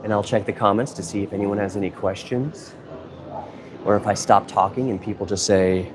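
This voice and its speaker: A man's voice: lowish voice, steady tone, normal speed. A man hosting a casual live stream for a museum, thinking aloud in an easygoing, rambling way. He is speaking into a phone camera in an indoor museum hall with members of the public nearby. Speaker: museum content creator and live stream host.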